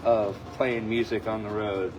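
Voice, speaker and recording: A man's voice: on the low side, level tone, measured pace, noisy background. A man interviewing a musician in a loose, rambling way, restarting his questions as he goes. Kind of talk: casual interview.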